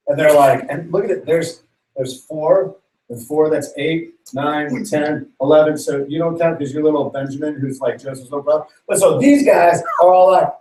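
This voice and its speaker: A man's voice: a little high, fairly quick, darkish tone, reverberant, far from the mic, poor audio. A man preaching to young people in a casual, slangy way, retelling a story and acting out its characters. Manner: slangy, playful, acts out characters' voices. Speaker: youth pastor.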